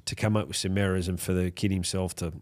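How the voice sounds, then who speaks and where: A man from Australia, a rugby league coach, talking casually as a podcast guest with halting, rambling restarts. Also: low-pitched, level tone, a little mellow. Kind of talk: casual interview chat.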